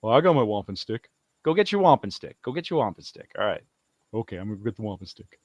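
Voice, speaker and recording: A man voicing a dim, eager male dockhand who asks slow, confused questions. The sound is close and dry. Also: on the low side, sing-song, a little mellow, dry recording. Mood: simple.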